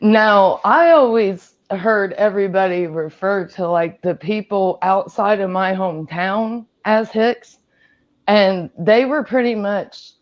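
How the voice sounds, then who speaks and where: A woman's voice: medium pitch, slow. Chatty woman from appalachia, frank and easygoing, kinda dull lo-fi sound. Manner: frank, chatty, laughs easily. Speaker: guest panelist. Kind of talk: casual chat.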